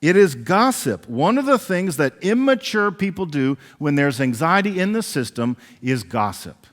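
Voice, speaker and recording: Animated pastor preaching in an echoing church. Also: male voice, on the high side, normal speed. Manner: animated, acts out quoted voices. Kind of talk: sermon. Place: church sanctuary. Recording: long reverb of a large church hall.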